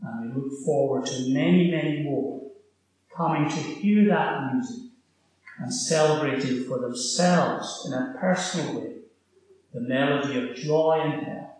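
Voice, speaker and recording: Male preacher, slow and deliberate, heard from afar in a very echoey church. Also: mid-range voice, far from the mic, a little hiss or hum. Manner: measured, emphatic repetition. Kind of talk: sermon.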